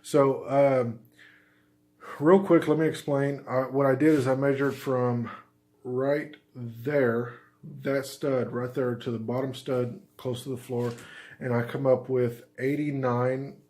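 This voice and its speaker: A man's voice: medium pitch, little pitch movement, slow pace, darkish tone. A man from Oklahoma with the hiccups, rambling through a casual how-to vlog inside a small unfinished house at night. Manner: rambling, lots of fillers and restarts. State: has the hiccups. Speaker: vlogger.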